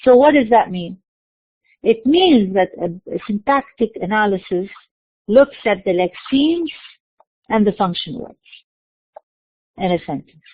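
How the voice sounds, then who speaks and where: A woman giving a recorded university lecture, explaining slowly and mixing in terms. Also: medium pitch, expressive, slightly rough, dry recording. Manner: explains slowly, spelling out letters, slipping into Arabic terms. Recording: dry tinny phone-like recording.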